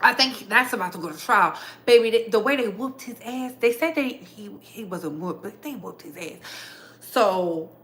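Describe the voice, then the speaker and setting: A woman with a Southern US accent hosting a casual commentary show, talking to her audience in an animated, opinionated, slangy way. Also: mid-range voice, normal speed. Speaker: show host.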